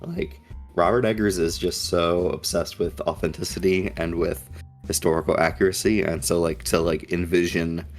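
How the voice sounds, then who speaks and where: A man's voice: low voice, steady tone, normal speed, soft background music. A man co-hosting a film podcast, praising a film enthusiastically with many fillers. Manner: enthusiastic, lots of "like". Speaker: podcast co-host. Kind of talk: casual chat about a film.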